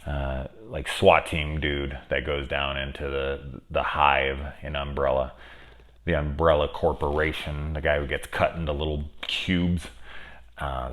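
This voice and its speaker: A man's voice: rumbling low, fairly bright tone. A man casually reviewing a horror episode at home close to his camera, rambling and swearing as he retells scenes. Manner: rambling, profane, acts out characters' lines. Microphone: camera mic very close.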